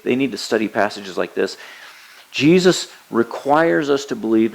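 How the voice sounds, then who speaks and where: A man's voice: fairly low pitch, gravelly, low-quality recording. A man preaching a sermon, teaching earnestly and quoting scripture with emphasis. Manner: frequent hesitations and restarts.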